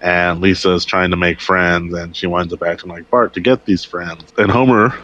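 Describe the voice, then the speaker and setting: A man's voice: deep voice, fairly even intonation, moderate pace, fairly bright tone, slight background noise. A man casually retelling a TV episode on a podcast, rambling along and quoting characters' lines. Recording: dull lo-fi recording.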